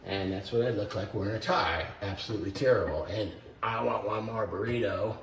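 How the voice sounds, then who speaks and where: A man's voice: fairly low pitch, fairly quick, reverberant, far from the mic. A man in his sixties, chatting in a folksy, rambling, self-joking way while cooking at home. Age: 60s. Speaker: vlogger. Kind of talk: casual kitchen vlog. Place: home kitchen.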